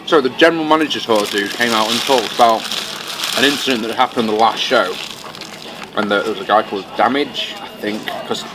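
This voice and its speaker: A man co-hosting a casual podcast, chatty and swearing casually, recorded in a fast-food restaurant. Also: fairly low pitch. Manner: chatty, swears casually, talks while eating. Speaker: podcast co-host. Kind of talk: casual chat. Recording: noisy crowded restaurant. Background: busy restaurant crowd chatter.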